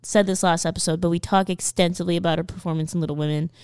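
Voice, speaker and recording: A woman's voice: fairly low pitch, steady tone, rapid-fire, darkish tone, clean tone, dry recording, studio quality. A woman co-hosting a film podcast in casual chat, talking freely with plenty of swearing and "like". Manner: chatty, swears freely, leans on filler "like". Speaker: podcast co-host.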